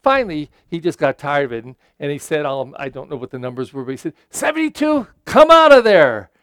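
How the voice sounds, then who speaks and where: A man's voice: medium pitch, quick pace, dry recording, clean studio sound. A pastor in his seventies giving a Sunday homily in a conversational, folksy way, with frequent fillers.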